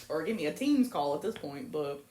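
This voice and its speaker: A young woman, co-hosting a podcast and telling stories in a casual chat, swearing freely and breaking into high laughter. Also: sing-song, normal speed, crowd noise. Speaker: podcast co-host. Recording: roomy echo.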